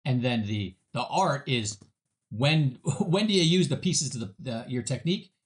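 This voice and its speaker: Crowd noise runs beneath this man's medium-pitched voice as he talks at a moderate pace. Speaking as a sales trainer in a casual interview, he animatedly tells stories, plays his customers' voices, and uses many fillers and restarts.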